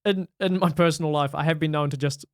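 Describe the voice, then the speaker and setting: A man co-hosting a movie podcast in casual, wry chat full of quick jokes and asides. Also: on the high side, fairly even intonation. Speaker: podcast co-host.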